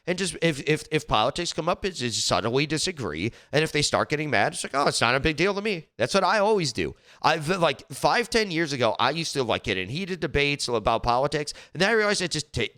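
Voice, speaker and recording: A man with a bright, clear, smooth voice delivers casual political commentary. He rambles, trips over his words and restarts sentences often. His manner is earnest and he is not polished. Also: mid-range voice. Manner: rambling, frequent restarts and stumbles.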